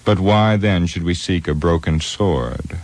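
A proud male warrior presses his questions, his deep voice raised slightly above the narration. A man reads him in an audiobook. He sounds hard-pressed yet dignified. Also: measured pace, a little mellow. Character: proud, doubtful male warrior from a besieged city. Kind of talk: audiobook character reading.

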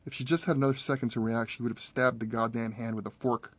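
Audiobook narrator: man, measured and steady, mid-range voice, close dry recording. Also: mid-range voice, no echo.

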